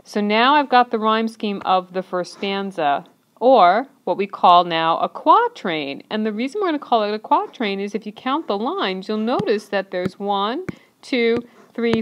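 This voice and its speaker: A woman's voice: on the high side, fairly bright tone. A woman teacher narrating an instructional lesson, patiently counting and clapping out syllables step by step.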